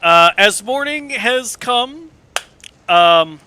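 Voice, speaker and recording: A man's voice: very high-pitched, expressive, drawn-out words, sharp tone, smooth, no echo. A man narrating as game master for a tabletop game in a loose, casual way, with many fillers and some swearing.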